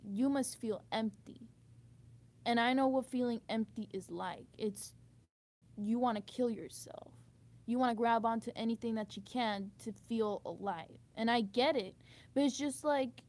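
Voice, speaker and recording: A woman's voice: high-pitched, a little slow, a little mellow. A young woman venting in a candid monologue, emotional and frustrated, swearing often and saying "like" a lot. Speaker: vlogger.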